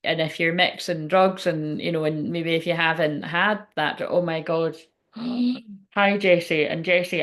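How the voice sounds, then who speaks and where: A woman hosting a psychic livestream from home, chatting loosely and emotionally, swearing often and trailing off mid-sentence. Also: lowish voice. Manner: rambling, emotional, swears freely, frequent laughs. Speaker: psychic medium livestream host. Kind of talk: casual livestream chat.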